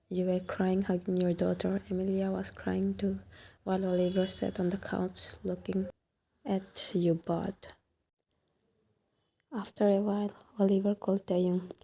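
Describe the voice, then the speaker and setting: Fan fiction narrator, woman, husky, dark-toned, soft and even. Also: medium pitch, unhurried. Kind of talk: scripted story narration.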